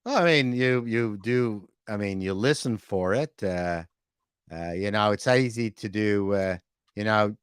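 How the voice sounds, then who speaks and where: Brief: man as low-pitched talk-show guest, rambling raconteur, dry close sound. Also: measured pace, clear, resonant tone, no echo. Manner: rambling storyteller with many fillers. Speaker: guest, former TV executive. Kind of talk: casual interview chat.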